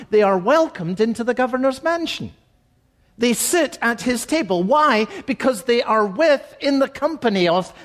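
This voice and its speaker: A man preaching a sermon as pastor, reading scripture verses and explaining them, slowing and dropping softly on key phrases. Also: very high-pitched.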